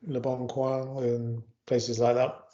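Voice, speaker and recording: A man hosting a casual chat, relaxed and joking, asking his co-host questions. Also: medium pitch, slow pace, lo-fi sound.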